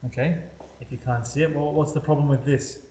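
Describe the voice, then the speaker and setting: A man tutors maths in a casual whiteboard lesson, chatty and repetitive as he walks students through each step. His voice is a little high and warm, with a steady tone and fairly quick pace. The lo-fi recording sounds slightly dull, with roomy echo and a little hiss or hum.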